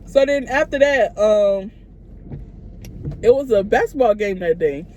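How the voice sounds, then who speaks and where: Animated young woman telling a story. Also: medium pitch, measured pace, a little hiss or hum. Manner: animated, profane, talks straight to viewers as "y'all". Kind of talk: casual storytime monologue.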